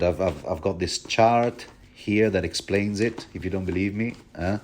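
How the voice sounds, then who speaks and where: A man with a fairly low voice hosting a podcast of book commentary. He talks in a loose, chatty way, cracking jokes and wandering into asides. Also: moderate pace, few pauses, darkish tone. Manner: jokey, chatty, full of asides. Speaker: podcast host. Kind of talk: casual chapter commentary.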